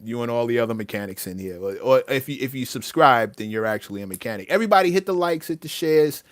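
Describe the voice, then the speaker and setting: A man's voice: mid-range voice, animated, fast, no echo, clean studio sound. Heated man ranting on a livestream. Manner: heated, emphatic, with many repeated restarts. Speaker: livestream host and rapper.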